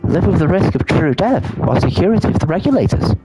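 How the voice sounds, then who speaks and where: A man voicing a composed, formal game character with a raised pitch, reading the dialogue aloud. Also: fast talker, slightly rough, soft background music, full character voice, poor audio. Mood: measured. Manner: calm, formal, explanatory.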